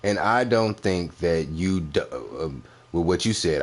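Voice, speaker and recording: Very deep-voiced man ranting over clips. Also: unhurried. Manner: blunt, repetitive, mocking. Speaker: commentary host reviewing clips. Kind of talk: profane reaction commentary.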